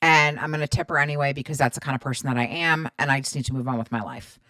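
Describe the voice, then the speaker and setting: A woman in her thirties hosting a podcast, telling stories in a chatty, animated way, swearing freely and acting out both sides of each exchange. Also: rumbling low, very fast, no echo. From Middle Eastern background. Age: 30s. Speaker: podcast host. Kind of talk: casual storytelling monologue.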